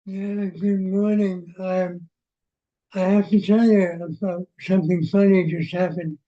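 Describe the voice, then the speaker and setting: A man's voice: sits high, little pitch movement, a little slow. A man speaking to an online group in a chatty, plainspoken way. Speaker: participant. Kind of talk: casual sharing. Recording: dull, lo-fi call audio.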